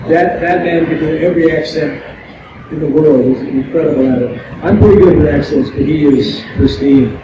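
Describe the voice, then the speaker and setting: An older male voice actor chats through stories on a convention panel and laughs often between them. His voice sits a little high for a man and comes from far off the mic in a very echoey hall, with steady noise underneath. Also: dull audio. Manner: chatty, anecdotal, laughs often.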